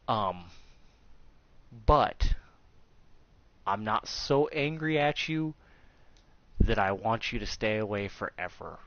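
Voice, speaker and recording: Guy in his 30s telling a crude funny story real slow, kinda dull lo-fi sound. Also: on the low side, no echo. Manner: slow, animated, crude and joking. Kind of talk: casual storytelling. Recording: slightly dull recording.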